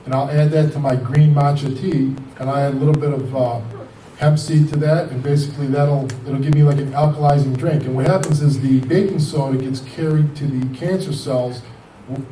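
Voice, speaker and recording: A man in his fifties gives a personal testimony in a loose, conversational way, retelling back-and-forth conversations as he goes. His voice is mellow and sits back from the mic, with noticeable room echo. A faint hiss runs underneath. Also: mid-range voice, fairly even intonation, normal speed, far from the mic. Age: 50s. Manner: rambling, conversational, retells dialogue with "I says" and "he goes". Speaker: patient telling his story.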